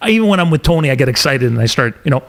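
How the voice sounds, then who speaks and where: A middle-aged man from Montreal, a podcast host telling a story in casual interview chat with animated, emphatic delivery. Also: fairly high pitch, racing. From Montreal, Canada.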